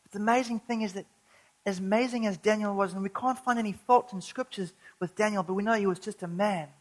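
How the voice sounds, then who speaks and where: A woman preaching a sermon, earnest, building to urgent emphasis and slowing down when reading scripture. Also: mid-range voice, low-quality recording.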